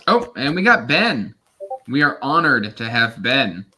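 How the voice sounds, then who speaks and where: A man hosts a casual livestream with a bright, forceful tone. He chats loosely and pokes fun at himself, hesitating with plenty of fillers. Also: mid-range voice, sing-song, measured pace, husky. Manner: chatty, self-deprecating, hesitant with fillers. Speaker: livestream host. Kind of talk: casual chat.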